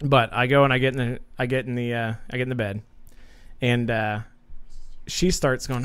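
A man's voice: sits high, fairly quick. A man hosting a podcast, telling a story in casual chat and acting out quotes with laughter. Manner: animated, laughing, acts out quotes loudly. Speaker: podcast host.

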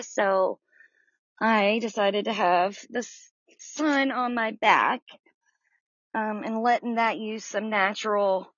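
A woman's voice: a little high, no echo. A woman hosting a Bible study in a chatty, welcoming way, greeting listeners by name. She is recording outdoors in the sun. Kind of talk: casual chat. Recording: dry, slightly dull lo-fi audio.

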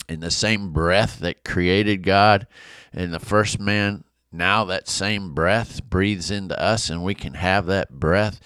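A man's voice: low voice, slow pace, fairly bright tone, smooth, no echo, studio quality. A man leading a casual devotional Bible study, enthusiastic and conversational.

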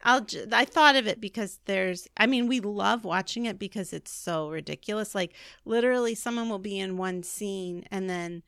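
A chatty woman co-host rambles through a story, laughing and catching her own slips. Her voice is bright with a gravelly edge. The sound is dry and close. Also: mid-range voice, moderate pace, hardly any pauses, dry recording. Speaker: podcast co-host. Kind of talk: casual chat.

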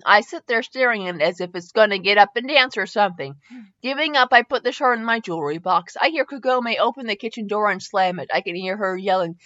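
A woman's voice: fairly high pitch, fairly bright tone, no echo. A woman podcast host doing a mock-dramatic comic reading of fan fiction, spelling some words out letter by letter. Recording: dull dry lo-fi recording.

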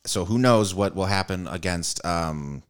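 A man co-hosting a casual sports chat, animated and joking, swearing freely. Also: low voice, measured pace, clean tone. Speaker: podcast co-host.

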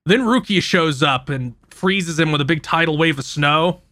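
A man hosting a podcast who casually recaps an anime, telling it in an animated, profane way. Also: fairly high pitch, moderate pace, no room sound. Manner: animated, profane storytelling with frequent laughs. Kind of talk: casual chat.

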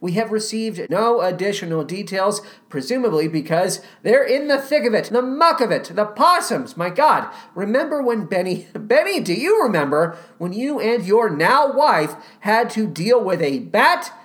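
Woman, podcast host, slightly scratchy voice, playful, lively pitch. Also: normal speed, hardly any pauses. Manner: playful and animated. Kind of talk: casual podcast chat.

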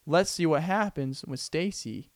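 A man's voice: a little high, lively intonation, measured pace, no room sound. A man mimicking the narrator of a school anti-bullying video, in a hammy, presenter-like way. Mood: upbeat, presenting.

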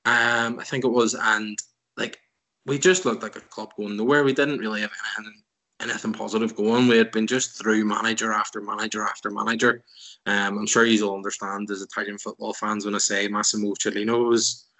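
A man's voice: lowish voice, level tone, fairly quick, pushed and bright, rough recording. A man, a guest on a football chat show, giving his opinions in long, rambling, casual answers. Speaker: podcast guest, football fan.

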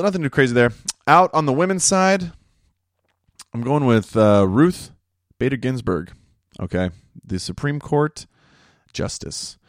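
A man hosting a casual monologue, rambling and crude, joking and laughing at his own jokes, jumping high in pitch when he gets worked up. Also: dry recording, clean studio sound.

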